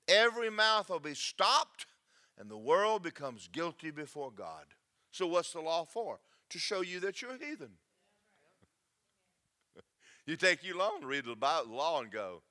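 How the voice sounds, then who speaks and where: A man preaching a sermon, emphatic and preachy, swinging between loud and soft. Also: a little high. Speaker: pastor.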